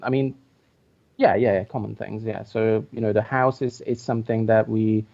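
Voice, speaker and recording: Man, mid pitch, hesitant casual talker, muffled lo-fi call audio. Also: fairly even intonation, moderate pace, creaky, dark tone. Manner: hesitant, lots of fillers and restarts. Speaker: co-host. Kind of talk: casual chat. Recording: dull lo-fi audio.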